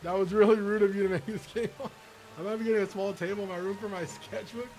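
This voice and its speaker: A man streaming a video game who tells stories in an animated, slangy way and laughs often. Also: high voice, quick pace. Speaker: gaming streamer. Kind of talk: casual storytelling while playing.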